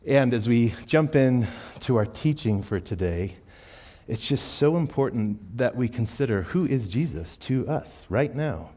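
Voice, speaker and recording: Animated storytelling pastor, man. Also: mid-range voice, a little slow. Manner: animated, jokey storytelling with acted-out quotes. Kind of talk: sermon with storytelling. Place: church auditorium.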